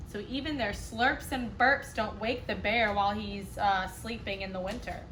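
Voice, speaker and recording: Slow, playful teacher reading a picture book. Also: female voice, on the high side, a little hiss or hum. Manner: slow, expressive, playful asides to children. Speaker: kindergarten teacher. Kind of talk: picture book read-aloud. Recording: echoey room.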